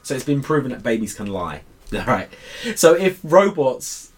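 A man's voice: medium pitch, very animated, measured pace, slightly rough, soft background music. A man hosting a casual podcast chat, laughing often and repeating words as he leads questions. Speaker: podcast host.

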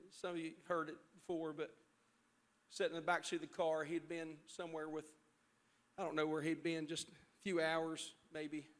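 A middle-aged pastor with a slightly high voice gives a sermon in a church sanctuary, shifting back and forth between shouting appeals and telling stories in a hushed tone.

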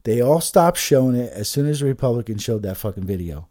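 Brief: a man ranting about politics, swears a lot, animated swings, mellow tone. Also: mid-range voice, a little fast. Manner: profane, agitated, with many restarts. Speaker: political commentator.

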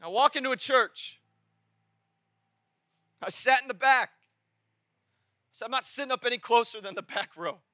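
A man in his thirties delivers an emotional sermon testimony in a church. His voice sits very high and sharply bright. The sound is dry and close, and he swings between near-whispers and shouts. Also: measured pace, long pauses, no room sound. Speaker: pastor. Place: church sanctuary.

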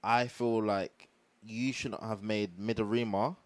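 A man's voice: lowish voice, fairly even intonation, unhurried. A young man, a guest on a casual podcast, arguing his points emphatically. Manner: argumentative, emphatic. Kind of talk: casual chat.

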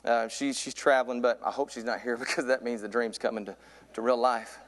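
A man in his thirties preaching a sermon from a church pulpit, telling a comic story and getting louder and higher as it builds. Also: fairly quick. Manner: animated storyteller, voice climbs high in excitement. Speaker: youth pastor preaching.

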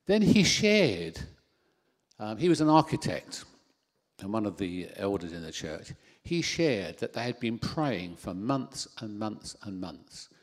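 A man preaching a sermon into a handheld microphone in a church hall, animated, with self-deprecating asides. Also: lowish voice, measured pace.

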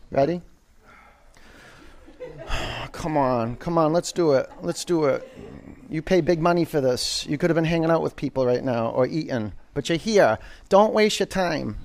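A man with a somewhat high voice leads a yoga class in a studio. He calls out poses, counts down each hold and jokes and pushes his students in a coaching manner. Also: creaky. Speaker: yoga instructor. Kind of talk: live class instruction.

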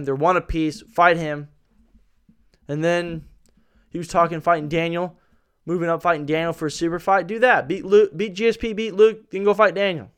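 A young man hosting a casual podcast, talking in a rambling, excitable way with a lot of swearing. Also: fairly high pitch. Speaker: podcast host. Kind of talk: casual fight-talk podcast monologue.

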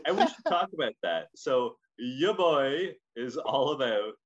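A man from Scotland co-hosting a podcast, telling stories in a lively, chatty way full of "like". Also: medium pitch, a little slow, highs cut off. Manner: animated storytelling, lots of "like". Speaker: podcast co-host. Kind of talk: casual chat.

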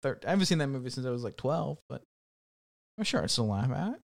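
A man's voice: mid-range voice, very animated, fast talker, gravelly. A man co-hosting a podcast, riffing jokes in casual comedic chat and laughing often. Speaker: podcast co-host.

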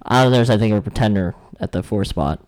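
A man's voice: on the low side, animated, fast talker, a little mellow. A man hosting a podcast, chatting casually and joking about sports picks. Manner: chatty, joking, trails off mid-sentence. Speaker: podcast host. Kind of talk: casual sports betting chat.

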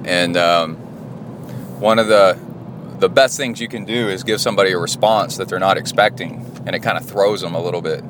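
A man hosting a podcast, telling a rambling casual story while driving, getting animated whenever he quotes other people. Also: low-pitched, fairly quick, noisy background. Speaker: podcast host. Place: car, driving.

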